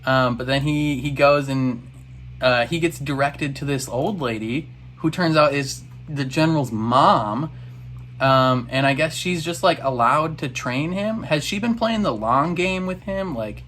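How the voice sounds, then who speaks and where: A man's voice: mid-range voice, a little slow, fairly bright tone, slight background noise. A man in a casual reaction video, recapping an episode in a rambling, exasperated way.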